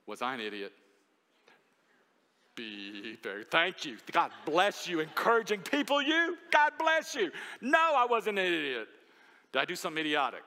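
A man preaching from the pulpit, his voice bright and a little high. He tells stories with lively swings from loud to hushed. The sound carries the long reverb of a large church sanctuary. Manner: animated storytelling, swinging between loud and hushed. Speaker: pastor. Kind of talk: sermon.

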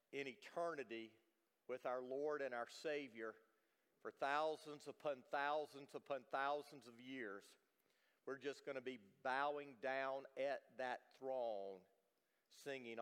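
A man's voice: medium pitch, fairly bright tone, clear, resonant tone. A man preaching a sermon as pastor, earnest and repeating himself for emphasis, in a church sanctuary. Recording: long reverb of a church hall.

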